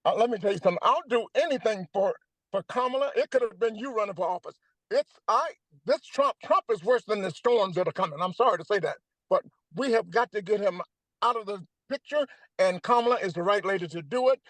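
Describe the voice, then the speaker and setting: A man's voice: high-pitched, expressive, fairly quick, fairly bright tone, no echo, poor audio. An older man, a comedian from Atlanta talking emphatically and joking on a video call. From Atlanta, United States. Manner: emphatic, joking, preacher-like cadence. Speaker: comedian guest. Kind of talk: animated comedic chat.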